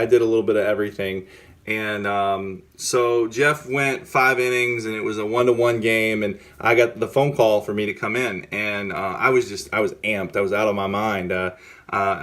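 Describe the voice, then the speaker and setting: A man with a fairly low voice tells an old baseball story in a loose, casual way. He sounds amped, tripping over himself with restarts and repeated words as he goes. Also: fairly bright tone. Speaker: former pitcher telling a story.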